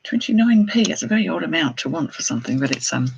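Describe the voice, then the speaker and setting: A woman's voice: sits low, very animated, fast, gravelly, lo-fi sound, background noise. A middle-aged woman, chatting casually and exclaiming as she unboxes and talks to viewers on a live stream. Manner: chatty, exclaiming, thinking aloud. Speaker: jewellery reseller hosting a live haul stream.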